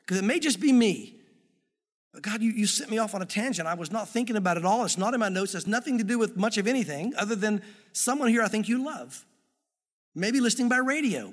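A male pastor preaching a sermon in a church, in an animated, conversational way with frequent asides. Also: high-pitched. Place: church sanctuary. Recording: long reverb of a church hall.

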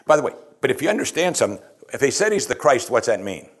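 A man's voice: medium pitch, very animated, fast talker. A man preaching an expository sermon, conversational and emphatic, often asking his listeners questions. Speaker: pastor.

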